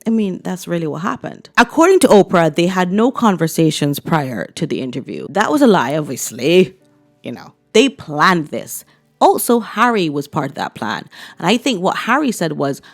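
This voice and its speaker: A woman's voice: fairly low pitch, very animated, moderate pace, creaky, faint music behind. A woman giving blunt, sarcastic opinion commentary in a casual chat style. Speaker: commentary vlogger.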